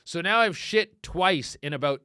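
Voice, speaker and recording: A man's voice: a little high, animated, normal speed, sharp tone, clear, resonant tone, no echo, clean studio sound. A male comedian and podcast host telling a rambling, profane story, laughing as he goes and acting out the voices of people in it. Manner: acts out quoted voices. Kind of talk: casual comedic storytelling monologue.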